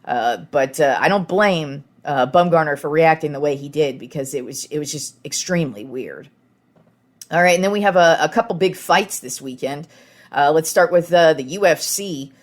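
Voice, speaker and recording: Low-voiced woman hosting sports talk. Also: animated, moderate pace. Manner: frank and opinionated, many filler words. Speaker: sports podcast host.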